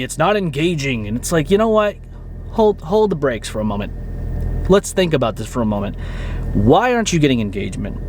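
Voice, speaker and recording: A man in his thirties, a YouTube creator and podcaster, talking candidly to the camera in an earnest, rambling way, often repeating phrases for emphasis. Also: a little high.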